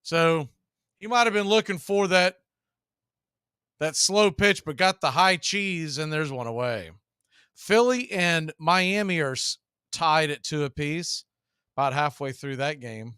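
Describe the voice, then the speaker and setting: A man calling live baseball play-by-play as the show's host, building excitement on big plays. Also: a little high, unhurried, clean tone, no room sound, clean studio sound. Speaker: play-by-play announcer.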